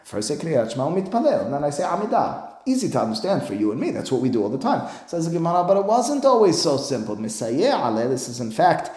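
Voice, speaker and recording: A man teaching a Talmud class as a rabbi, animated and acting out both sides of a dialogue, peppering his English with Hebrew terms. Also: fairly high pitch, fast, hardly any pauses. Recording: roomy echo.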